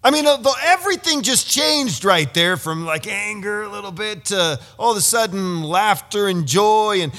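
A man's voice: high voice, pushed and bright. A man preaching a sermon, telling a story with many stammered restarts. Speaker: pastor. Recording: long hall reverb.

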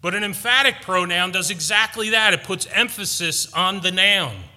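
A man preaching a sermon as pastor, emphatic and animated, with playful asides to the congregation. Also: high-pitched, moderate pace, big-room sound.

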